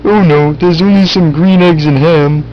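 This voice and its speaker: A man's voice: on the high side, steady tone, normal speed, highs cut off, faint music behind. A man playing a dry, offhand joking friend in a home-made comedy film. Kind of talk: amateur comedy acting.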